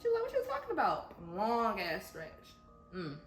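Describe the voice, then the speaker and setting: A woman with a fairly high, very lively voice tells stories casually and swears freely, laughing often as she talks. The room sounds roomy and echoey, with clear music playing underneath. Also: moderate pace. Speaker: vlog co-host. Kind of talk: casual storytelling.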